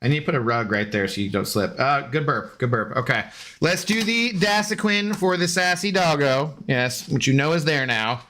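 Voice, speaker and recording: A man's voice: fairly high pitch, lively intonation, normal speed, fairly bright tone. A man streaming live, chatting casually with viewers in a rambling way and slipping into sing-song baby talk with his dog.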